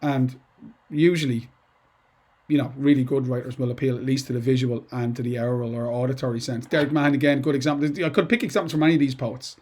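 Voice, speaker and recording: A man's voice: medium pitch, steady tone, fast, darkish tone, husky. A middle-aged man teaching poetry to students in a chatty, digressive way, full of asides and restarts. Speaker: English teacher. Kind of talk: informal lesson to students.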